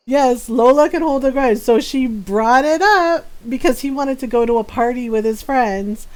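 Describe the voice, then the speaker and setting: High-voiced woman streamer telling stories. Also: moderate pace, hardly any pauses, poor audio. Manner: animated storyteller, laughs often. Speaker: livestreamer. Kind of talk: casual chat while gaming.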